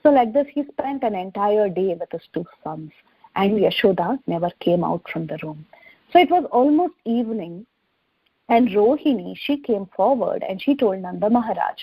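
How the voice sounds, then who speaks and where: Woman gently telling a sacred story, husky voice, dull dry recording. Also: medium pitch, expressive, dry recording. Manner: gentle, unhurried, with many fillers. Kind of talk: devotional storytelling.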